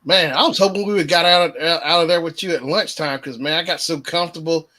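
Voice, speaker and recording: A man hosts a casual live chat show, laughing often and humming or singing snatches of songs between remarks. His voice is a little high, fast and sharp in tone.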